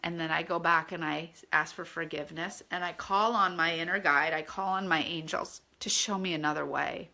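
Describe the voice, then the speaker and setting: A woman's voice: low voice, steady tone, moderate pace, gravelly, few pauses, bright, forceful tone. A woman leading a spiritual course, talking earnestly and conversationally and often checking in with her listeners. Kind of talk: casual spiritual teaching.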